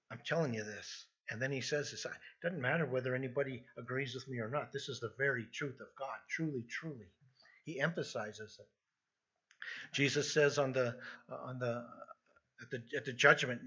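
A husky man delivers an expository sermon with earnest emphasis, often restarting phrases as he builds a point. His tone is bright and forceful. The recording sounds dull and lo-fi. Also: medium pitch. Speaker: pastor.

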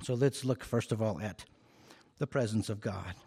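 A man's voice: lowish voice, normal speed, warm tone, husky. Earnest male pastor preaching in a reverberant hall. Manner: earnest, emphatic preaching with repeated phrases. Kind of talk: sermon.

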